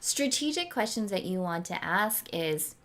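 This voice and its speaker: Animated woman guest on a video call. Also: medium pitch, normal speed. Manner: animated and emphatic, acts out quotes. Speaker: guest expert on brand partnerships. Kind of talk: casual livestream interview.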